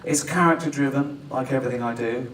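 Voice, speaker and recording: A man's voice: medium pitch, fast talker, fairly bright tone, a little hiss or hum. A middle-aged man with an English accent, joking and self-mocking as he talks about his film at a press conference, often breaking into laughter. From England. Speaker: writer-director and actor. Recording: roomy hall, distant mic.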